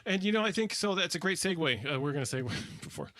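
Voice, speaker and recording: A man's voice: high-pitched, lively intonation, fast, a bit bright, dry recording. A man co-hosting a podcast in loose, profane casual chat, laughing often. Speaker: podcast co-host.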